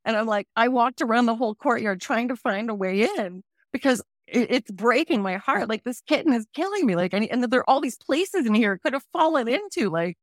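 A woman in her forties hosting a podcast, telling a story in a casual, animated way and laughing often. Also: a little high, brisk, hardly any pauses, dry recording, clean studio sound. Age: 40s. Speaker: podcast host.

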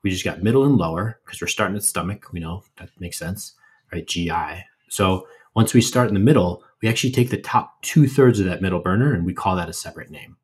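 A man co-hosting a podcast, explaining things in a relaxed, casual way with playful asides. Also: sits low, a little fast, slightly rough. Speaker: podcast co-host. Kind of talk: casual educational chat.

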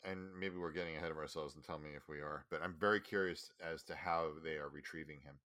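Deep, fast-talking bright man. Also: fairly even intonation. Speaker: podcast co-host. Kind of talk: casual podcast chat.

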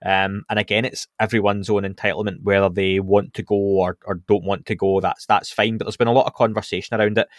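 A fast-talking podcast host, a man with a fairly low voice, rattles through show updates with few pauses, relaxed and riddled with fillers and restarts. The recording is dry and studio-clean.

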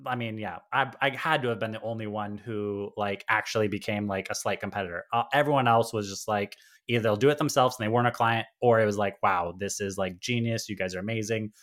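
A man's voice: fairly low pitch, quick pace, hardly any pauses, a bit bright. A man who founded an agency, speaking as a podcast guest in casual interview talk, conversational with lots of fillers and restarts.

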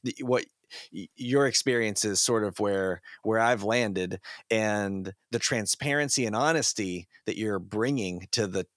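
Thoughtful low-voiced man host. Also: a little slow, fairly bright tone, no echo, clean studio sound. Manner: thoughtful, affirming, frequent murmured agreement. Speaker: podcast host. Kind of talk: casual podcast conversation.

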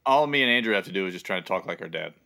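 A man's voice: low-pitched, expressive, very fast, gravelly, bright, forceful tone. A man with a light Southern American accent, co-hosting a casual gaming podcast in a laid-back way, often trailing off. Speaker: podcast co-host.

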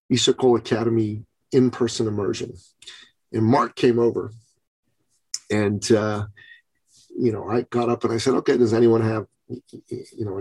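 A man hosting an interview, telling a business story in a casual, animated way and acting out the quotes. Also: on the low side, vocal fry, husky. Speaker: podcast host.

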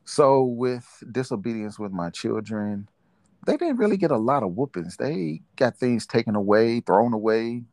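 A man's voice: mid-range voice, very animated, normal speed, a little mellow, dry recording. A middle-aged man, reflecting in a casual family interview and laughing often. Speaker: interviewee, father.

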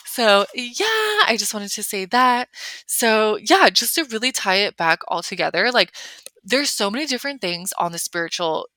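A woman's voice: medium pitch, very animated, normal speed, pushed and bright, dry recording. A young adult woman hosting a solo podcast, talking in a chatty, emphatic way, full of "like". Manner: chatty, filler-heavy, emphatic with lots of "like". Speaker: podcast host. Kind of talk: casual solo podcast talk.

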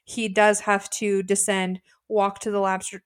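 A woman's voice: mid-range voice, a little slow, clear, resonant tone. A woman co-hosting a podcast, casually chatting about a reality show episode and laughing along. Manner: relaxed, agreeable, laughs along. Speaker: podcast co-host. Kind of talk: casual recap chat.

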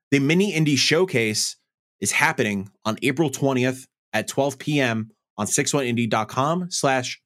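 Male podcast host, mid pitch, lively swings in delivery, laughs a lot and trips over the script. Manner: animated, laughs often, stumbles over reads. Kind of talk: casual podcast intro and chat.

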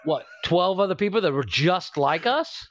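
A man's voice: sits high, expressive, normal speed, fairly bright tone, lo-fi sound. A man co-hosting a podcast, telling crude jokes and giggling through casual chat. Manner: giggly, joking, crude storyteller. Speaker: podcast co-host.

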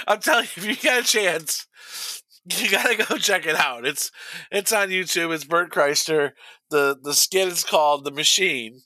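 Speaking at a measured pace in a high-ish, sharp-toned voice, a middle-aged man co-hosts a podcast and rambles through a lengthy story, restarting often and chuckling at himself. The audio quality is poor but carries no echo.

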